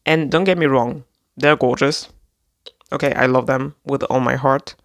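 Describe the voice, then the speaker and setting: A book vlogger chatting casually and gushing excitedly about a secondhand book haul, rambling with lots of fillers. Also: mid-range voice, normal speed, no room sound, clean studio sound. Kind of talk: reading a poem aloud.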